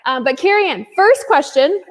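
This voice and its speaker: A woman's voice: sits high, expressive, moderate pace. A woman hosting a casual livestream interview, enthusiastic and gushing. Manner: enthusiastic and gushing, with Southern "y'all". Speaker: host. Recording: long echo from a remote call.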